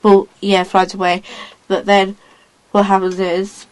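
A woman in casual chat, retelling a story in a rambling, excitable way, acting out lines as she goes. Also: medium pitch, measured pace, slight background noise, poor audio.

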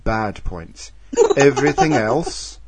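A man co-hosting a casual podcast, reading listener letters aloud in a dry, deadpan way. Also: medium pitch, slow pace, very noisy.

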